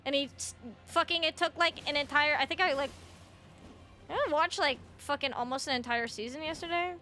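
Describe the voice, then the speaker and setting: A woman's voice: sits high, moderate pace, bright, forceful tone, soft background music. A young woman streaming a video game, chatting casually with her viewers, swearing freely and sounding a little tired and short on sleep. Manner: chatty, swears freely, greets chat by name.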